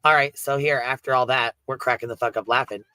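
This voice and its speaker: A man's voice: medium pitch, fairly even intonation, fast, sharp tone, no echo, poor audio. A man streaming live, talking casually, swearing constantly and laughing through his words.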